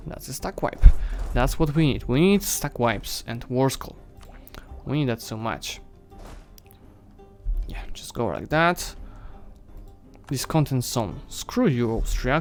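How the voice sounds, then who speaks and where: A man streaming a strategy game, thinking aloud and chatting to the nations and armies on screen, his voice going hoarse. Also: mid-range voice. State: losing his voice. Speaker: gaming streamer. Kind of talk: live strategy game commentary.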